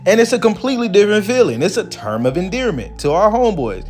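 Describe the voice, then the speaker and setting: A man hosting a commentary video, reading quoted passages slowly and then breaking into loose, casual remarks. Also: high-pitched, sing-song, soft background music. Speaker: video host.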